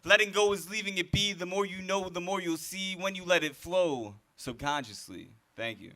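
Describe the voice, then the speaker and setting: A man with a high, very bright and tense voice performs spoken word poetry at a live open mic. His delivery is rhythmic and rhyming, and it slides into a sing-song cadence at times. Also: moderate pace.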